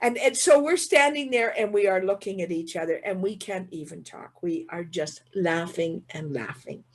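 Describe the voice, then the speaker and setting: A woman telling a funny personal story as a keynote speaker, in a vivid, animated way, often repeating words as she restarts. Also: lowish voice, moderate pace.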